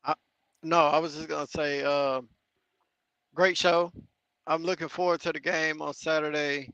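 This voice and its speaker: A man with a bright, crisp, flat-toned voice talks quickly and upbeat as a sports panelist. His remote audio sounds dry and a bit dull. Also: fairly high pitch, no echo. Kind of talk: casual sports chat.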